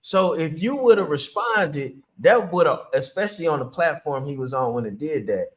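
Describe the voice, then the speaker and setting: A man with a somewhat higher voice hosts a casual podcast interview. He cuts in often to add his own point and keeps the talk informal. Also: expressive, normal speed. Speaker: podcast host.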